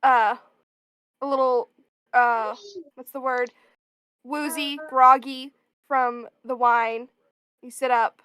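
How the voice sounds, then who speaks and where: A woman narrating a tabletop game as game master, in a casual manner that pauses to search for words. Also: high voice, fairly even intonation, a bit bright, clear, resonant tone, dry recording, low-quality recording.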